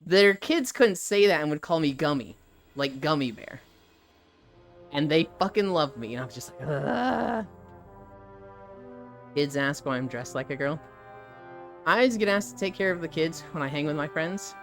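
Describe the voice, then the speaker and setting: A woman streamer in casual, rambling live chat, candid and quick to swear. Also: low-pitched, animated, soft background music. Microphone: desk microphone.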